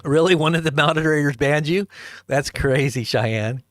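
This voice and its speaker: A man's voice: on the high side, moderate pace, a bit bright, no echo. Rambling man telling stories to a live chat. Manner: rambling, chuckling, addresses viewers directly. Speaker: livestream host. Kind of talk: casual storytelling to a live chat.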